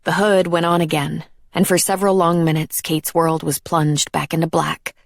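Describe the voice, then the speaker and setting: A woman narrating a dark fantasy audiobook in a measured, even storytelling manner. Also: sits low, gravelly, no echo, studio quality. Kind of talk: scripted narration.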